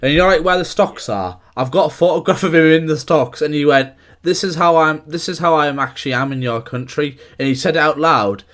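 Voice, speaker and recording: A man's voice: fairly high pitch, a little fast, few pauses, fairly bright tone. A young man, co-hosting a podcast and telling anecdotes in a rambling, filler-heavy casual chat. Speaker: podcast co-host.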